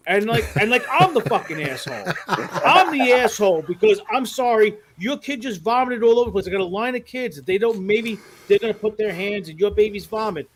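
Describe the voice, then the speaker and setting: A man's voice: high-pitched, moderate pace. A man telling rowdy, profane stories in a casual podcast chat, often laughing as he goes. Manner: animated, profane, laughs through his stories. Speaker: podcast guest who works as a mall Santa.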